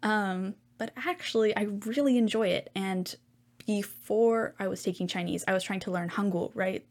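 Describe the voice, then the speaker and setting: Chatty teen girl rambling on her podcast. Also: lowish voice. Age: teens. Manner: rambling, filler-heavy, chatty. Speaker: podcast host. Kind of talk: casual podcast monologue.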